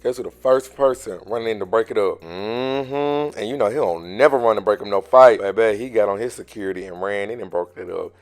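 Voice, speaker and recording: A man's voice: on the low side, fairly quick, hardly any pauses. A man commenting on a reality show in a laid-back, slangy way. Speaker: recap commentator. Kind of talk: casual commentary.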